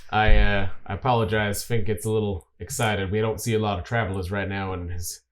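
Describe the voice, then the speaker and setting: A man's voice: on the low side, fairly even intonation, fairly quick, pitched below the performer's own voice, lightly acted. A man voicing a blunt, apologetic male station mechanic with a folksy drawl.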